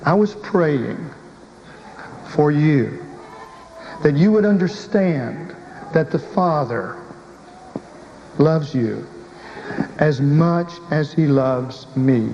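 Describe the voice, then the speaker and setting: Jesus, gentle and earnest, as a preacher puts him on. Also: male voice, on the high side, animated, drawn-out words, pauses often, pitched below the performer's own voice, full character voice. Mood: tender. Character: calm, loving male Jesus, grown man. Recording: dull recording in a reverberant hall with faint hiss.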